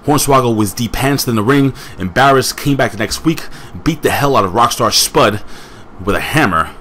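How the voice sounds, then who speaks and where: A man's voice: fairly low pitch, fairly bright tone, a little hiss or hum. A man casually reviewing a wrestling show, rambling with joking asides and chatting to a friend off camera.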